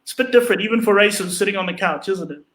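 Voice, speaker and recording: A man's voice: high voice, racing, fairly bright tone, roomy sound, rough recording. A man co-hosting a casual motorsport chat from home over a video call, loose and hesitant with wry asides. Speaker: co-host. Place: home room.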